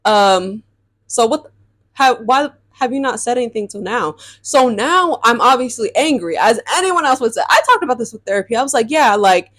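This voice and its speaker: A young woman telling viewers a storytime about her dating life in a chatty, animated way. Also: a little high, moderate pace, no echo. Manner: chatty, addresses viewers as y'all, animated retelling. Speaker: storytime vlogger. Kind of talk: casual storytime vlog.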